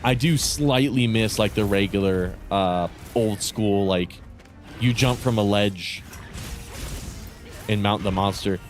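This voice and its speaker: A young man rambling casually as he streams a game, profane and relaxed, restarting his sentences. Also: on the low side, slow, faint music behind. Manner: rambling, profane, laid-back. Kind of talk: casual gaming commentary.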